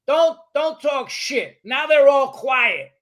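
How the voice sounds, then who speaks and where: Man, new york accent, older, very high voice for a man, blunt, profane, combative guest. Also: lively intonation, slow pace, fairly bright tone. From New York City. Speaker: podcast guest. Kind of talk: casual interview chat.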